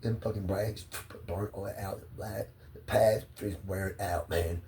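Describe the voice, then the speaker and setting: A man's voice: deep voice, steady tone, a little slow, gravelly, warm tone, recorded from a distance, slight background noise. A man telling a long, profane, rambling story, laughing at his own tale and swearing constantly.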